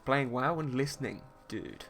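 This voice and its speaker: Soft background music plays as a posh-accented English art streamer chats casually and teases his viewers in a playful way. His mid-range voice is sing-song and fairly bright, at a normal speed.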